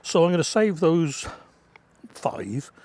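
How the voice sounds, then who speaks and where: An allotment gardener vlogger chats casually while working his plot outdoors, muttering asides as he goes. His voice is on the high side and darkish in tone, slow with big pitch swings, and the recording is dry.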